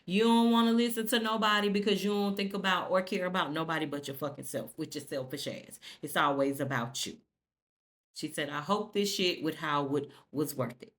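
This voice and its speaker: A woman's voice: sits low, normal speed, fairly bright tone. A woman recapping a TV episode in a sassy, profane, chatty way, retelling scenes through quoted dialogue. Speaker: TV recap vlogger. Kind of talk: casual recap narration.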